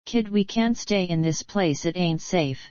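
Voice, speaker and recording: A woman voicing a gruff, grumpy old man survivor who talks bluntly and swears. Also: lowish voice, a little slow, a little mellow, dry recording, highs cut off, natural voice.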